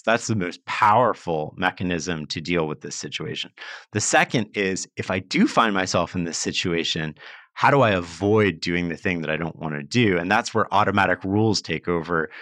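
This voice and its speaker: A man's voice: deep voice, a bit bright, dry recording. A man who is a guest on a podcast, giving advice in an earnest, explanatory way with plenty of casual fillers. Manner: earnest, explanatory, uses many fillers like "like" and "sort of". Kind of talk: conversational advice.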